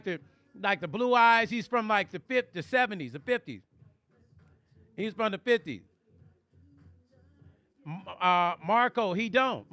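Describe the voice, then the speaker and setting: Middle-aged man, high, bright voice, dry close sound, joking livestream banter. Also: no room sound. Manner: joking, playful banter, drawn-out teasing. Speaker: musician and vlog host reading live chat. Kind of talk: casual livestream chat.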